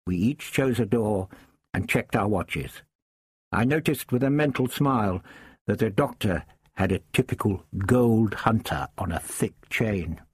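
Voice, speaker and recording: A man reading a first-person story aloud in a measured, understated way. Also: on the low side, lively intonation, slightly rough, no echo, clean studio sound. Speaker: audiobook narrator.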